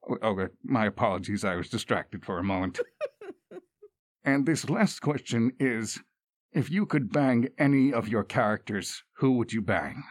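A man interviewing a guest, asking scripted questions with wry, deadpan double-entendres. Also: fairly low pitch, moderate pace, no room sound, studio quality.

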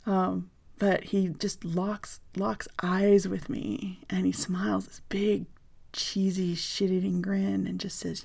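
A woman telling an intimate personal story in a soft, slow voice that often drops into a breathy whisper. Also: medium pitch, flat delivery.

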